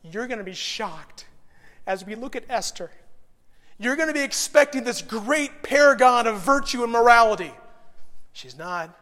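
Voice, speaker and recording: Young male preacher, animated and heartfelt, loud then hushed, high-pitched, reverberant room. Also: moderate pace. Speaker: pastor. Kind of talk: sermon teaching.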